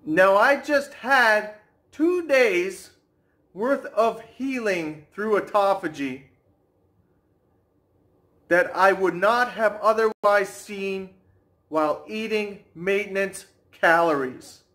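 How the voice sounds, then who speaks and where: A man ranting to camera as a fitness vlogger, brash and mocking, slowing right down to stress his points. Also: sits high, a bit bright. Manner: brash, mocking, slows down for emphasis.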